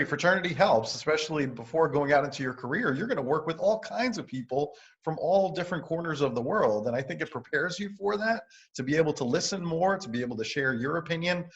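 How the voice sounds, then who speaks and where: A man's voice: on the high side, highs cut off. A man hosting an interview, agreeing and reflecting on what the guest said. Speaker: podcast host, interviewer. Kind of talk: interview chat.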